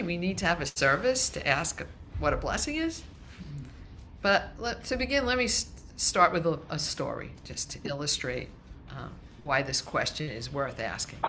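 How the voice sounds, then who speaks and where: A woman's voice: fairly low pitch, sharp tone, slight background noise. A woman minister giving a light-hearted, conversational sermon to her congregation, with frequent restarts. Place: congregation meeting hall, also streamed.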